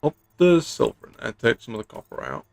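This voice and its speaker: A man's voice: medium pitch, wildly swooping pitch, brisk, vocal fry, darkish tone, dry recording. Playful English man streaming a game. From England. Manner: playful, chatty, makes silly sound effects. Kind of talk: casual gameplay commentary.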